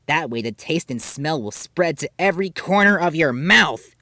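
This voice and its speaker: A man's voice: fairly high pitch, animated, normal speed, no room sound, clean studio sound, voice pushed up. A man voicing a hot-tempered, two-faced teenage girl. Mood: furious. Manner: snapping, shouting.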